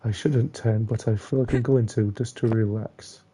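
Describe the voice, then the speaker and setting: A young man swearing and ranting angrily while commenting on his own gameplay, muttering curses under his breath between louder complaints. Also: lowish voice, fairly even intonation, moderate pace, breathy edge. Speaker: gamer playing a platform game.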